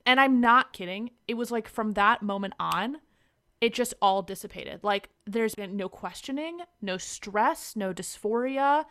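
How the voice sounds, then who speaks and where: A woman's voice: medium pitch, unhurried, a bit bright, smooth. A young woman, a guest in an interview, telling personal stories in a chatty way with frequent laughter and lots of "like". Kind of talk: casual storytelling interview.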